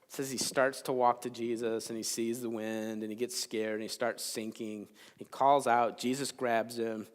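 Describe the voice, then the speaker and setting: A man giving a chapel sermon in a relaxed, conversational way, telling a Bible story with jokes. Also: medium pitch, moderate pace. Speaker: chapel speaker. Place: large chapel. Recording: long hall reverb in a chapel.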